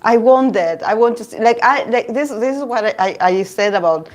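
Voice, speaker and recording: A woman host chatting casually about idol news, gossipy and quick to laugh, often restarting her sentences. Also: fairly high pitch. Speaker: tarot reader and channel host. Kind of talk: casual chat reading live comments.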